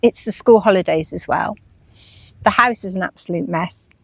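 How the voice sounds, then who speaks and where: A woman's voice: fairly low pitch, moderate pace, vocal fry, a bit bright, breathy edge, no room sound. A woman vlogger talking casually, chatty and acting out her own inner voices. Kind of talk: casual chat.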